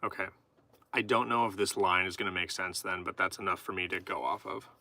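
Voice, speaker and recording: A man's voice: deep voice, fairly even intonation, brisk, bright, forceful tone. A man live-streaming, chatting casually and goofily with viewers while he writes poetry. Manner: goofy, rambling, chatting to viewers. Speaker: streamer writing poetry with chat.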